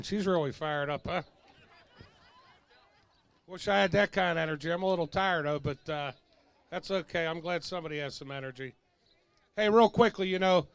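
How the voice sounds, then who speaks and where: A man's voice: on the high side, no echo. A man emceeing an outdoor party rally, joking casually and introducing speakers. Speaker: event emcee.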